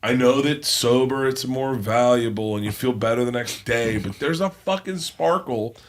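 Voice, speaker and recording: A man's voice: mid-range voice, moderate pace. A man speaking in a podcast clip, rambling and emphatic with frequent swearing.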